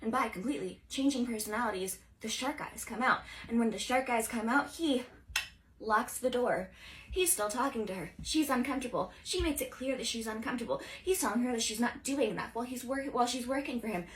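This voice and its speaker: A young woman retelling movie scenes in casual, animated commentary full of filler words. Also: fairly high pitch, poor audio. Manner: animated, fast-talking, lots of filler words. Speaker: social video creator.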